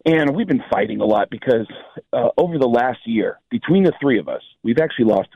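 A stand-up comedian, a man from New York, telling lively stories on a talk show and acting out the people in them. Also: mid-range voice, a little fast, gravelly, breathy edge, no echo, lo-fi sound. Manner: lively storyteller, voices the people in his anecdotes. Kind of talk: animated storytelling on a talk show.

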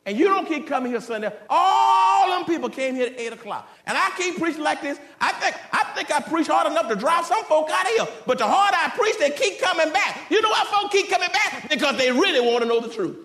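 Fiery, high-voiced preaching man, echoing church. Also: lively intonation. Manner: preaching with sudden shouted climbs and drops to low, slow warnings; folksy, direct address to the congregation. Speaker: pastor. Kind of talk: fiery Sunday sermon. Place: church sanctuary. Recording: roomy church echo.

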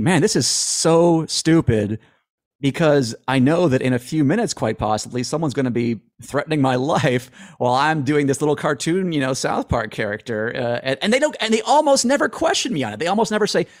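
A man's voice: mid-range voice, no echo, studio quality. A man answering interview questions in a rambling, self-deprecating way, often restarting his sentences. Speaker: guest.

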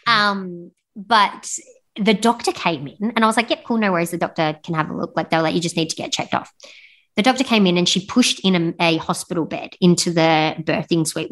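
A young woman, a podcast guest telling her birth story in a frank, animated way with blunt swearing. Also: fairly low pitch. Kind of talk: casual storytelling interview.

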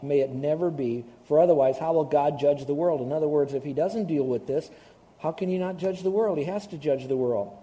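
A man preaching a sermon as pastor, animated, shifting between loud emphasis and hushed, tender asides. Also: a little high.

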